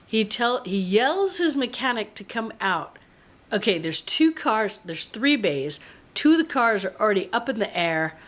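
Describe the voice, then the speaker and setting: Young woman, vlogger, rambling and excitable storyteller, casual to camera. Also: mid-range voice. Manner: rambling, excitable, animated retelling with laughs. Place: in a car.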